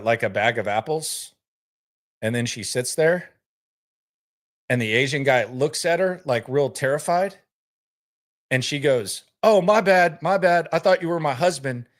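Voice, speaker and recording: Rambling laid-back man host. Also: medium pitch. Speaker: podcast host. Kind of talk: casual live-stream talk.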